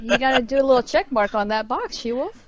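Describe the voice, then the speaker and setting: A teasing woman with a fairly high voice jokes with friends during a casual gaming chat. Her voice is muffled, coming over lo-fi online call audio. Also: animated, quick pace, crowd noise. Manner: teasing, joking.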